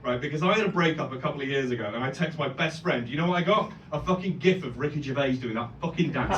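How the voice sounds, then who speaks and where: High-voiced comedian, echoey club. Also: male voice, quick pace, few pauses, a loud crowd, heavy background noise. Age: 30s. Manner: animated, swearing, bursts into loud exclamations. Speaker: stand-up comedian. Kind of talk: stand-up set. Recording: echoey club heard from a distance. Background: audience laughter.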